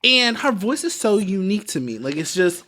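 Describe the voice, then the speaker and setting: A man's voice: high-pitched, sing-song, normal speed, bright, forceful tone. A man co-hosting a casual podcast chat, playful and campy, with a New York accent, laughing often. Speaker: podcast co-host.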